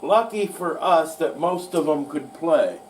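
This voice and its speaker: Slow, rambling man with humming mic. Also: fairly high pitch, expressive. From United States. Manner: folksy, rambling, self-mocking. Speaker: podcast host. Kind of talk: rambling solo music-history talk. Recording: distant mic with faint mains hum.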